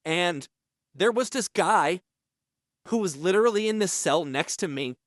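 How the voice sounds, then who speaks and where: Halting, self-pitying man telling a story. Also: sits high, animated, no echo, studio quality. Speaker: parody interviewee. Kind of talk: deadpan comic storytelling.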